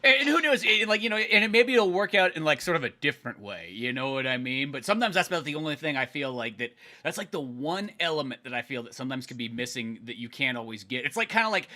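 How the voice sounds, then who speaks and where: A man hosting a podcast, musing out loud in a casual way, leaning heavily on "like" and "kinda". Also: on the high side, animated. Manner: quick, musing, heavy use of "like" and "kinda". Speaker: podcast host and comic artist.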